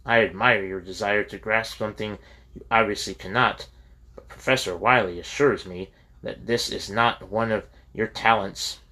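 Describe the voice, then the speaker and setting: Stern, calm older college head, low-voiced, lecturing firmly, read by a male narrator. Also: moderate pace.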